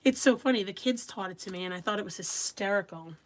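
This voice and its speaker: A woman's voice: medium pitch, fast. A woman hosting a live craft stream, chatting casually with viewers and reading their comments aloud as she works. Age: adult with young children. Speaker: craft livestream host.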